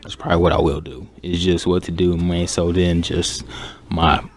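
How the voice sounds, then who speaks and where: A young man with a low, deep voice talks in a flat, monotone way, keeping it quiet and subdued. He rambles casually through gaming advice with plenty of fillers. A faint hiss sits under the recording. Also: normal speed. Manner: laid-back, rambling with many fillers. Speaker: gaming YouTuber.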